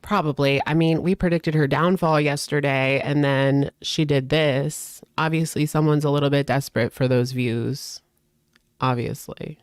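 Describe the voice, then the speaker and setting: Snarky gossip host with a smooth voice. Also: medium pitch, fairly even intonation, measured pace, dry recording. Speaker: reaction channel host. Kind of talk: gossip reaction commentary.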